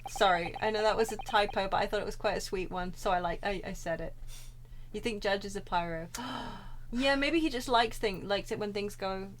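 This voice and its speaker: A woman's voice: medium pitch, fairly quick, a little hiss or hum. A woman streaming a game, chatting casually in a playful, teasing way. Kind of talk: casual let's-play chat.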